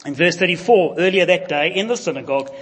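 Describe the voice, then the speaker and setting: A man's voice: fairly high pitch, quick pace, a bit bright. A man preaching a sermon, emphatic and putting questions to his congregation. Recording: long reverb of a large hall.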